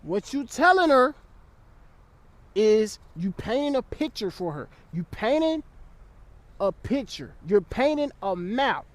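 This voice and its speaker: A man's voice: high-pitched, very animated, takes it slowly, no room sound. A young man giving blunt, profane dating advice in a casual vlog, often checking in with the listener.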